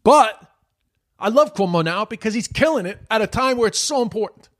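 A man's voice: high-pitched, animated, brisk, fairly bright tone. A man, ranting about politics in a heated, exasperated, profane way. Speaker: commentator. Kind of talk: political opinion rant.

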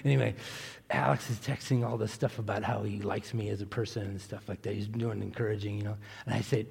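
A male pastor preaching a sermon in a church, with conversational storytelling that swells into fervent, near-shouted exhortation. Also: lowish voice, fairly quick, gravelly, husky. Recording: long hall reverb.

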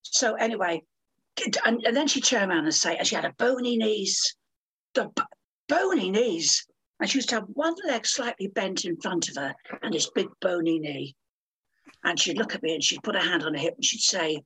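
A woman's voice: mid-range voice, lively intonation, normal speed, fairly bright tone, husky, poor audio. An older woman telling stories as a guest on an interview podcast, in a dramatic, theatrical way. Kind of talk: storytelling interview.

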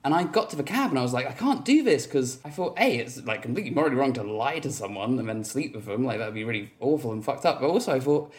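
A man's voice: medium pitch, expressive, quick pace, hardly any pauses. Man spinning a long funny yarn, lots of "like", laughs as he goes. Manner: rambling, laughing storyteller, many fillers. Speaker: podcast guest. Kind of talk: casual chat, storytelling.

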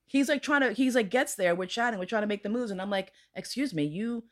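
Talking fast in a mid-range voice, a woman appearing on a podcast recounts a raunchy tale in relaxed conversation. She performs everyone else's dialogue with animated energy and curses without restraint.

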